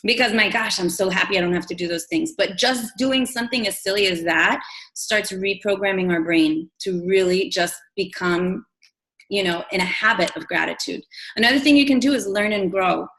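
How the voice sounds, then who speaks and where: A woman's voice: medium pitch, normal speed, rough recording. Chatty woman giving a motivational talk. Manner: animated, chatty, many fillers and acted-out quotes. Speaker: coach speaking to her sales team. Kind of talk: motivational team call talk.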